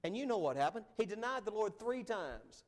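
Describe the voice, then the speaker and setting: A man's voice: high-pitched, big pitch swings, a little fast. A man preaching a sermon in an earnest, conversational way, his emphasis rising and falling as he goes. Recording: long hall reverb.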